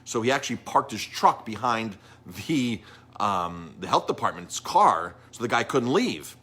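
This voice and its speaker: A man's voice: medium pitch, sing-song, a little slow, a bit bright, husky. A middle-aged man, a chef and restaurant owner talking casually on a live stream, rambling with lots of ums and restarts.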